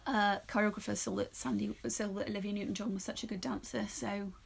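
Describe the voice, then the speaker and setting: A woman's voice: mid-range voice, steady tone, quick pace, creaky, slightly rough. A woman co-hosting a casual film podcast, teasing and laughing often. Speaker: podcast co-host. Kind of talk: casual chat film review.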